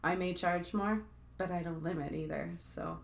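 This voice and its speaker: A woman presenting herself as a spiritual healer talks casually to the camera in a fairly low, gravelly voice. Her intonation is fairly even and her pace moderate. She's chatty and rambling, full of fillers and asides to her viewers.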